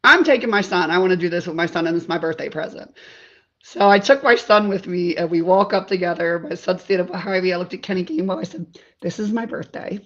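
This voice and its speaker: A woman from Delaware, a talk show guest, telling lively stories in casual chat and laughing often. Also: fairly low pitch, fast, muffled recording. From Delaware, USA. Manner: animated storyteller, laughs often.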